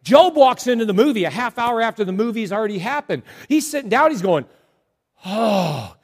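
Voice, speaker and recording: Animated high-voiced male pastor. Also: fast talker. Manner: joking, animated storytelling to a congregation. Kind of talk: sermon.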